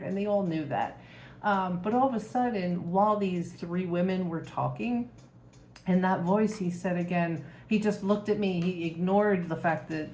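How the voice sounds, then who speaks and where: A woman tells stories from home in a casual vlog. She laughs often and acts out the voices of the people she quotes. Her voice is mid-pitched and sits in a roomy echo. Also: a little mellow, a little hiss or hum. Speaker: vlogger.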